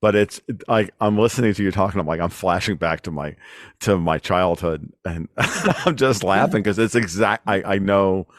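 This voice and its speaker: A man's voice: low-pitched, expressive, normal speed, no room sound, clean studio sound. A man from New York hosting a podcast, talking in casual chat and agreeing emphatically. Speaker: podcast host.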